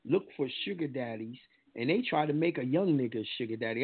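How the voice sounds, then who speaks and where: A man's voice: medium pitch, lively intonation, brisk, breathy edge, no echo. A man talking bluntly and emphatically in a casual call-in conversation, swearing freely. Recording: tinny phone line.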